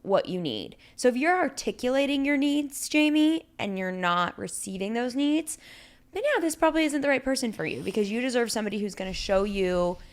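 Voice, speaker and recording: A woman's voice: on the high side, animated. A woman co-hosting a podcast, chatting casually and giving careful, hedged advice. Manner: chatty, hedging, measured advice. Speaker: podcast co-host. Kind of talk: casual chat.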